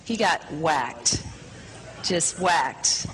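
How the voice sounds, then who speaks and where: A woman's voice: deep voice, expressive, drawn-out words, fairly bright tone, a little hiss or hum, rough recording. A woman preaching, telling a story to a congregation in an enthusiastic, breezy manner. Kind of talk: sermon storytelling.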